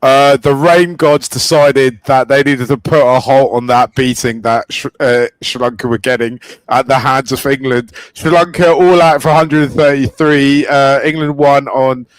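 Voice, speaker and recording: A man's voice: medium pitch, fairly even intonation, moderate pace, hardly any pauses, dry recording, low-quality recording. A man hosting a live cricket reaction stream, upbeat and joking as he reads out viewer comments. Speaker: host.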